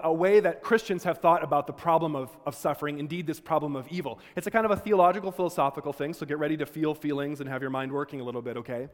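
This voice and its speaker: A man lecturing to students, telling a personal story in an earnest, conversational way with frequent restarts. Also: on the high side. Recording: long hall reverb.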